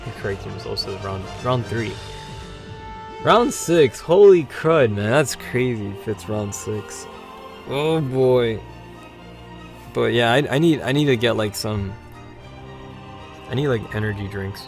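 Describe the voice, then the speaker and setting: A man hosting a weekly gaming livestream, sleepy and yawning, rambling between bursts of excitement. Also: fairly low pitch, measured pace, creaky, pauses often, soft background music. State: tired, yawning. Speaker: livestream host. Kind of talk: gameplay livestream commentary.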